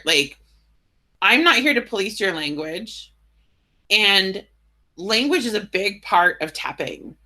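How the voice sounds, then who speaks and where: Bright-voiced woman guiding a tapping session. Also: medium pitch. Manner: gentle, instructive, slows for affirmations; casual, uses "right?" and "like" often. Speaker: EFT tapping guide.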